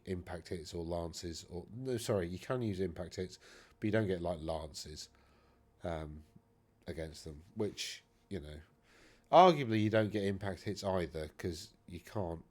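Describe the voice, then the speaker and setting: A man with a fairly low voice talks casually through tabletop wargame army lists. He rambles in a friendly way, trailing off with fillers and correcting himself as he goes. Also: measured pace, a little mellow. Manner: rambling, chatty, self-correcting with many fillers. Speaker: wargaming channel host.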